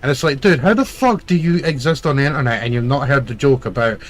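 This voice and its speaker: A man's voice: medium pitch, quick pace. Male co-host, blunt and sweary, casual argumentative banter over a game. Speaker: let's play co-host. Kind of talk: casual chat over gameplay.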